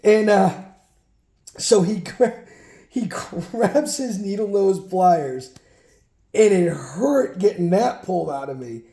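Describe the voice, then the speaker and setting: A man's voice: sits high, expressive, takes it slowly, long pauses, warm tone, roomy sound. A man casually telling a rambling childhood story while sorting through a card collection, breaking off for muttered asides.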